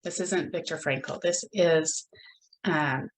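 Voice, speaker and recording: A woman's voice: sits low, low-quality recording. Earnest woman hosting a solo podcast. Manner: earnest, reflective, with pauses and restarts. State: gets emotional at moments. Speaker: podcast host.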